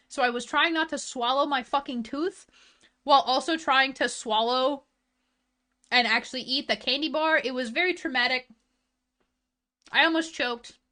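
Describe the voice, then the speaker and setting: Woman streamer chatting, bright sharp voice, a bit high, gets heated and sweary. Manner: heated, profane ranting, swinging between loud and mumbled. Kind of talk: casual chat. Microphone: desk mic.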